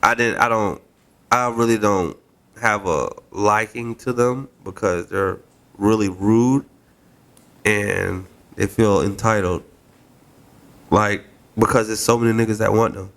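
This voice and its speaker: A man's voice: on the low side, a little slow, long pauses, fairly bright tone. Laid-back man, blunt casual talk. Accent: South Florida. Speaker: podcast co-host. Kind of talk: casual chat.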